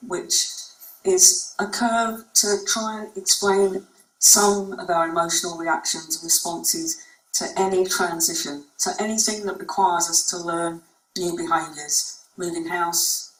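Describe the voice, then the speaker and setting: Low-voiced woman presenting in echoey room. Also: steady tone, fairly bright tone. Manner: conversational, unhurried, with frequent ums. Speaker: clinician giving a talk. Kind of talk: conference presentation. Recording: echoey room, mic far off.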